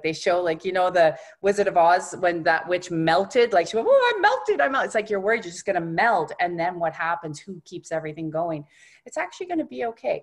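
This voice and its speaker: A woman with a lowish voice guides someone through an energy-healing session. She talks softly and reassuringly. Her voice often sinks to a hush. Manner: soft-spoken, often dropping to a hushed tone; unhurried, reassuring coaching. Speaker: energy healer.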